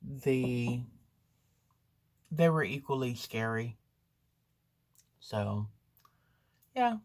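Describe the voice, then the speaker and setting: A woman vlogger telling a story to camera in a chatty, rambling, animated way. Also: extremely low pitch, drawn-out words.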